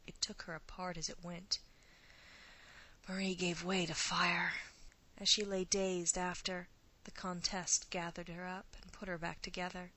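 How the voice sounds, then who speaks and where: A woman narrating a scripted story in a hushed, often half-whispered delivery. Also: on the low side, level tone, unhurried, rough recording.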